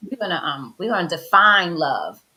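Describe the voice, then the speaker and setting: A woman co-hosting a casual faith chat, lively and affirming, often chiming in with agreement. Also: on the low side, normal speed. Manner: lively and affirming, with frequent "yeah" and "come on now". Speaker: co-host.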